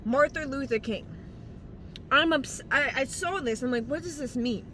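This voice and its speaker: A woman's voice: high-pitched, moderate pace, fairly bright tone, slight background noise. A young woman with a slight lisp, ranting in a casual vlog, heated and exclamatory with plenty of swearing. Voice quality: slight lisp from dental aligners. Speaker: vlogger giving life advice.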